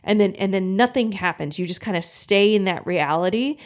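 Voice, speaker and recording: Woman coach talking straight to camera, upbeat and encouraging, mid pitch voice. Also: brisk. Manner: encouraging, uses homely examples and acts out inner thoughts. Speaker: gut health coach. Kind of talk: motivational video talk to viewers.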